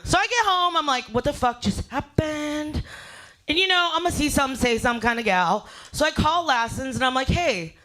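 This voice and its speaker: Brash high-voiced woman comic. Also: animated, fast, hardly any pauses, bright, forceful tone. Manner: brash, profane, storytelling with big voiced asides. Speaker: stand-up comedian. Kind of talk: stand-up comedy set. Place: live fundraiser show.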